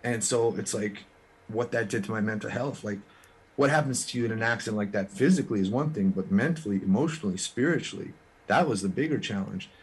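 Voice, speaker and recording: Brief: Canadian-raised man, lowish husky voice, earnest and frank interview guest. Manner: earnest, frank, quick restarts. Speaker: guest musician. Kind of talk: candid storytelling interview.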